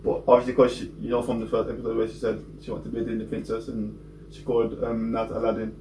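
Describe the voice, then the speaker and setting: Fast-talking young man. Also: on the low side, monotone, a little mellow. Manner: quick, casual, slangy recapping. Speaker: podcast co-host. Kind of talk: casual chat. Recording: echoey room, mic at a distance, faint hum.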